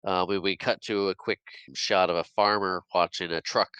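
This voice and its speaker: Laughing man with a bright voice. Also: sits low, steady tone, moderate pace, clean tone, no echo, rough recording. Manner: rambling, laughs often. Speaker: podcast co-host. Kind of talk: casual film recap.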